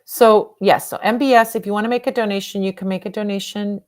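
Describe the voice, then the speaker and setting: A woman's voice: mid-range voice, steady tone, fast, darkish tone. A middle-aged woman hosting a livestream fundraiser, talking to viewers in an earnest, emotional, repetitive way. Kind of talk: casual livestream chat.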